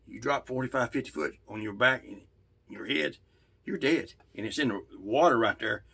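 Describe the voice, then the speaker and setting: A man telling a true story in a casual, folksy way, with halting restarts. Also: mid-range voice, gravelly, sharp tone, husky.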